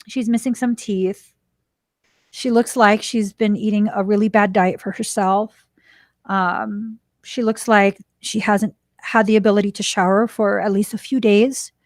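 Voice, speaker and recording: On her spiritual podcast, a woman with a slightly high voice recounts a personal story full of feeling, voicing the dialogue in an animated way. The audio is studio quality, with no room sound.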